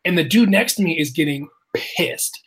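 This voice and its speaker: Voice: mid-range voice, animated, normal speed, a bit bright, breathy edge. A person telling a casual story, swearing often, laughing and acting out the quotes of others.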